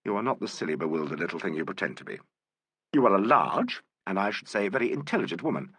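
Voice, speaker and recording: A man's voice: sits low, sing-song, quick pace, breathy edge, no echo, full character voice. Man reading a suave, courteous inspector. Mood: questioning. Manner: courteous, urbane, gently ironic. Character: suave, polite male police inspector. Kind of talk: audiobook character voice.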